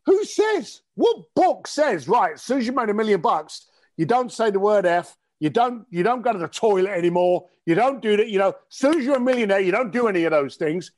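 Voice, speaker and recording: A man from East tells stories bluntly and cheekily, swearing freely. His voice sits high, and his pitch leaps around with animated energy. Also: normal speed. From East London. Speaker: interview guest. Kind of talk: casual storytelling interview.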